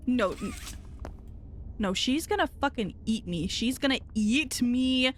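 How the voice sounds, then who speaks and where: A woman's voice: high-pitched, lively intonation, a little slow. A woman streamer giving horror game commentary, thinking aloud, swearing, with startled shrieks and laughs.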